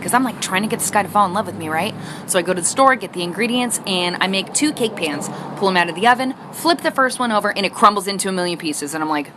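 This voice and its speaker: A woman's voice: mid-range voice, quick pace, noisy background. A woman telling funny family stories into her phone, bubbly and dramatic, acting out the quotes and laughing a lot. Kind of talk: storytime monologue. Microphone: phone selfie recording.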